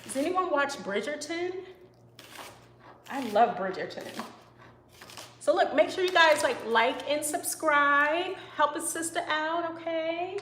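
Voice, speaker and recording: A fairly high-pitched woman hosts a casual live cooking stream from her home kitchen. She rambles cheerfully, answering viewer comments between steps. The sound is roomy, with a faint hum behind her. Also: expressive, takes it slowly, fairly bright tone. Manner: chatty and rambling, full of "you know" and "like", answers comments as she cooks. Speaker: professional chef and live-stream host.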